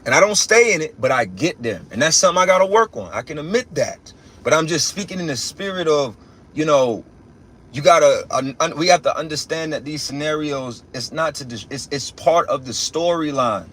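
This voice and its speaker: A man's voice: fairly high pitch, expressive, a little fast, fairly bright tone. A young man giving a casual spiritual rant as a religious teacher, emphatic and profane, repeating himself and restarting often.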